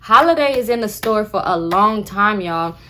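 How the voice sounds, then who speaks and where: A young woman telling a casual storytime, slangy, profane and animated. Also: mid-range voice, normal speed, slight background noise.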